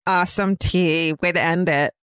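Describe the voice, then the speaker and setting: A woman co-hosting a podcast, reacting with gasps, exclamations and quick jokes. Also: on the low side, steady tone, a bit bright, clear, resonant tone, no echo, clean studio sound. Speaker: podcast co-host. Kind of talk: casual chat.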